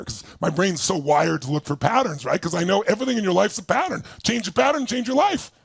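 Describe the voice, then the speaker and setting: A man with a raspy, gravelly voice telling a story to a live audience as a motivational speaker. He is emphatic and acts out quoted lines. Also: expressive, a little fast, no room sound. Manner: emphatic, acts out quotes with big swings in pitch.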